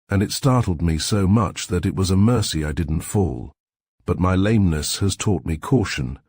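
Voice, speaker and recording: A man reading a sleep story aloud in a calm, soft-spoken, measured way with a husky voice. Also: deep voice, dry recording.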